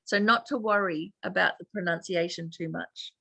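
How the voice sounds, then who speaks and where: A woman's voice: fairly low pitch, steady tone, moderate pace, gravelly, pushed and bright, breathy edge, no room sound. An Australian woman teaching a chatty online meditation class, laughing often as she explains.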